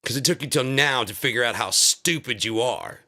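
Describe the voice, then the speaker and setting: A man's voice: medium pitch, moderate pace, bright, forceful tone. Swearing man ranting on a live stream. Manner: profane, heated and insulting. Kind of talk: angry political rant on a live stream.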